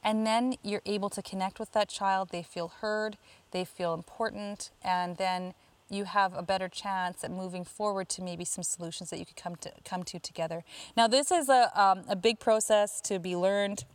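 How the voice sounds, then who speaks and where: A woman coaching parents in a casual talk, answering listener questions and often pausing with fillers and restarts. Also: mid-range voice, steady tone. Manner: chatty, lots of fillers and restarts.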